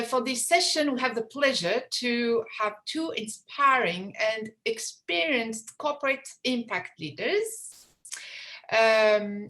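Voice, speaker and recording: A woman moderating a panel session over a video call, talking with hesitant pauses and restarts. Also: fairly high pitch, a bit bright. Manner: hesitant, many fillers and restarts.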